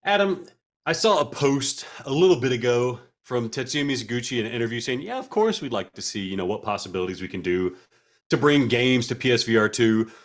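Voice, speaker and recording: A man co-hosting a casual gaming podcast, animated and playfully dramatic in his jokes. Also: medium pitch, fairly quick. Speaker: podcast co-host.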